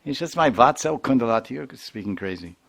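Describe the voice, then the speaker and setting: A man's voice: medium pitch, lively intonation, a little fast, gravelly, fairly bright tone. A man putting on the voice of a loving mother who coaxes and fusses over her small son. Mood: incredulous. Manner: coaxing, doting.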